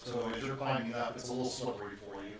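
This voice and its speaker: A male dungeon master narrates the scene in a halting, filler-heavy way. His voice sits far from the mic in a very echoey room, with voices chattering behind him. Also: medium pitch, fairly even intonation, crowd noise. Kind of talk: narrating a tabletop game.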